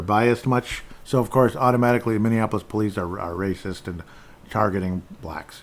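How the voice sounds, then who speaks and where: A man's voice: fairly low pitch, a little fast. A man hosting his own podcast alone, giving loose, rambling commentary on headlines and chat comments, often stumbling, restarting and dropping sarcastic asides. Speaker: podcast host.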